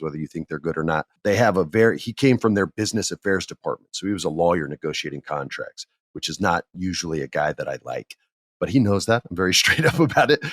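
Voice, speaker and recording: A middle-aged man hosting a podcast, telling a work story in a candid, animated way and acting out what others said. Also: low-pitched, no echo, clean studio sound. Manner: candid, animated, acts out quotes in others' voices. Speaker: podcast host. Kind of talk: casual storytelling monologue.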